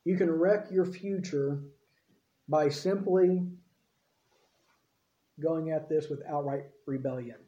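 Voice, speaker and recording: A man's voice: fairly high pitch, slow pace, pauses often, mellow. A man preaching a sermon in a conversational way, often checking in with his listeners. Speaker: pastor. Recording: echoey room, dull lo-fi sound.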